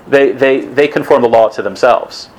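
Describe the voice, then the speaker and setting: A man's voice: mid-range voice, normal speed, darkish tone, slight background noise, rough recording. A man giving a conversational religious talk to a weekly evening group, casual in tone, with restarts and asides.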